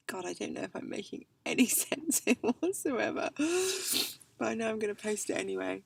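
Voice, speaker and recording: A woman speaks in a low, searching way, her voice breathy and full of deep vocal fry. She is a little way off the mic, and the sound is dry. She pauses often and slips into near-whispers as she reflects. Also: big pitch swings, no room sound, recorded from a distance, poor audio. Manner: soft, halting and searching, often dropping to a whisper. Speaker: healer working with clients. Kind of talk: reflective spiritual vlog talk.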